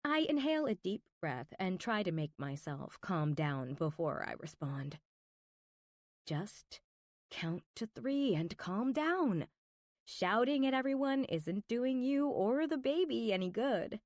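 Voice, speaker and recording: Slow, dry-voiced woman narrating a romance. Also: medium pitch, very animated, a little mellow, no echo. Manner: slow, intimate and emotional delivery with whispered asides. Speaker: audiobook narrator. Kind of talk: first-person romance audiobook narration.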